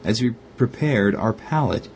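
A man with a Glaswegian accent reading an erotic story aloud, calmly narrating and voicing the lovers with light shifts. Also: medium pitch, measured pace, a little hiss or hum.

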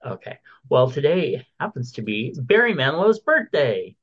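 A man's voice: medium pitch, sing-song, moderate pace, a bit bright, highs cut off. A man co-hosting a podcast in casual chat, reading out birthdays and listener messages. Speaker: podcast co-host.

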